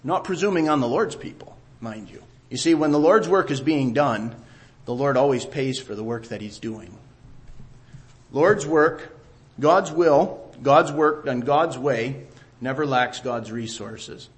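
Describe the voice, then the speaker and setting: A middle-aged man preaching a sermon, emphatic and repeating key phrases, sometimes dropping quiet. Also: mid-range voice, measured pace.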